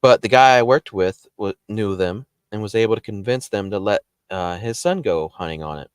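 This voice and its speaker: A man casually telling a paranormal story as the show's host, animated and jumping up in pitch when he acts out quotes. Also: moderate pace, clean tone, dry recording, studio quality. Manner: animated, jumps high when acting out quotes.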